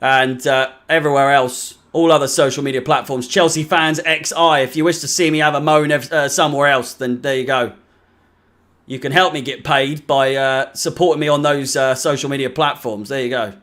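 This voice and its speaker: A man's voice: medium pitch, fairly even intonation, normal speed, fairly bright tone. A young man from England hosting a live football watch-along, deflated, sweary and sarcastic. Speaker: fan channel host.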